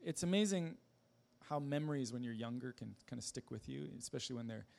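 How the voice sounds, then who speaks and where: A man giving a personal testimony in a casual, halting way, with many fillers, restarts and self-deprecating laughs. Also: medium pitch, animated, vocal fry, darkish tone, slight background noise.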